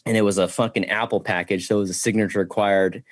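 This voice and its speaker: A man's voice: lowish voice, fast talker, dry recording, clean studio sound. A young man, a podcast guest, telling wild stories in casual talk, swearing constantly and acting out the voices of the people in them. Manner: excitable, swears a lot, acts out voices in his stories.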